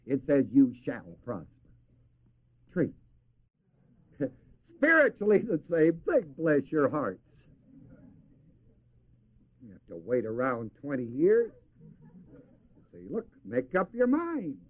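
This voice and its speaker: A man with a mid-range, sing-song voice preaches a sermon slowly, with long pauses and a breathy edge. He chuckles often and asks his listeners to finish the verses he quotes. The sound comes from a tinny, lo-fi tape recording.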